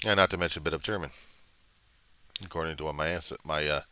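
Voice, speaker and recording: A man's voice: very deep voice, steady tone, fast talker, pushed and bright, smooth, no echo. A man from the United States, rambling and trailing off in a personal video diary, with mild cursing. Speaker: video diarist.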